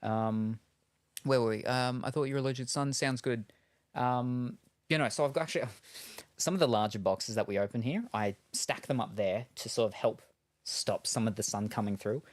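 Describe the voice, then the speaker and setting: A man's voice: medium pitch, normal speed. Chatty rambling man unboxing on stream. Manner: rambling, chuckles often between remarks. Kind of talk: casual live-stream chat. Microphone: headset.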